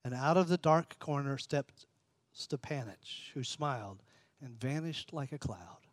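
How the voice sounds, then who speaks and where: A pastor reading a story aloud and preaching a sermon, measured and earnest, slowing and softening for emphasis. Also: male voice, medium pitch, animated, no room sound.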